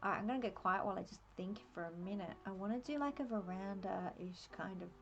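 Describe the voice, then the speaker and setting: An Australian woman streaming a game, chatting and thinking aloud in a relaxed, laughing way. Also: mid-range voice, fast, dull audio, faint music behind. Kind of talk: casual live-stream commentary.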